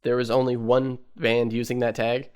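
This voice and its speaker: A man's voice: mid-range voice, flat delivery, moderate pace, darkish tone, clear, resonant tone. A young man co-hosting a podcast, chatting casually and joking as he explains things at length. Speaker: podcast co-host. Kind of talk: casual chat.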